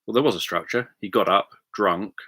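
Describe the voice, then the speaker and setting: A man with a low voice talks casually to livestream viewers as a therapist. He thinks aloud with lots of ums and restarts, his tone bright and clear, close to a dry mic. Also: fairly quick, no room sound. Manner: rambling, thinking aloud with many fillers. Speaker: hypnotherapist answering viewer questions.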